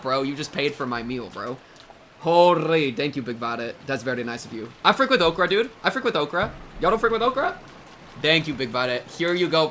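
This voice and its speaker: A man in his twenties chatting casually with his stream chat, excitable and jokey, breaking into loud yelps and shouts. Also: a little high, a little hiss or hum. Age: 20s.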